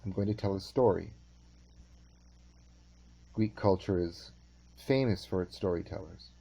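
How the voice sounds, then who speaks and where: Male teacher, slow and mellow, measured lecture with restarts. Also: low voice, vocal fry, breathy edge. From California. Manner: measured and unhurried, with halting restarts.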